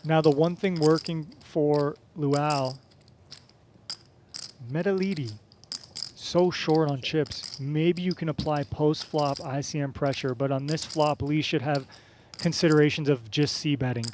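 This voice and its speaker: A man's voice: on the high side, fairly even intonation, measured pace, a little mellow, a little hiss or hum. A man giving live poker commentary in a chatty, coaching manner, explaining strategy as he goes.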